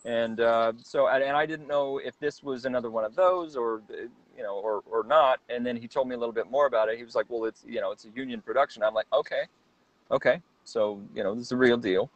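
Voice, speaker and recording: A man guest telling stories in a casual interview, rambling and halting as he goes. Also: medium pitch, no echo. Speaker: guest, celebrity impersonator. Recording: dull, dry lo-fi sound.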